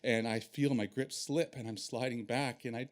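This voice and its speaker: A man telling a personal story on stage in an animated, self-deprecating way. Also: mid-range voice, moderate pace.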